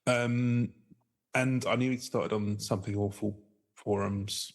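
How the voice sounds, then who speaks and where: A man's voice: on the low side, fairly even intonation, measured pace. A man co-hosting a podcast in casual chat, rambling loosely and correcting himself as he goes. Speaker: podcast co-host.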